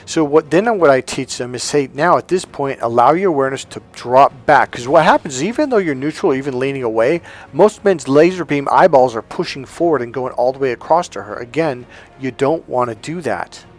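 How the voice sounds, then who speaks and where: A man's voice: mid-range voice, expressive, brisk, few pauses. A man giving an emphatic coaching talk on dating, telling anecdotes and acting out the quotes. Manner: emphatic, storytelling, acts out quotes.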